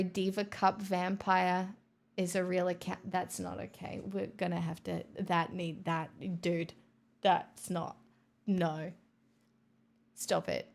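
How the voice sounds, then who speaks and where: A woman livestreamer chatting casually with her viewers and reading their comments, with playful, mock-boastful banter, frequent swearing and laughs. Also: medium pitch.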